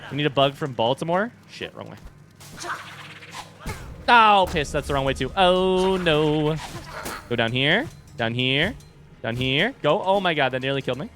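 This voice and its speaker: A man from the US East Coast streaming a game live, thinking out loud and reacting excitably. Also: on the high side, a little slow, pauses often, soft background music. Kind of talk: live gameplay commentary.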